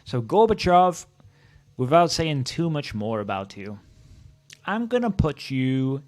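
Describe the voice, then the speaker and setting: A man's voice: medium pitch, big pitch swings, a little slow. A Welsh man from Wales giving casual, opinionated commentary as the host of a history channel, thinking aloud as he goes. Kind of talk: casual tier-list commentary.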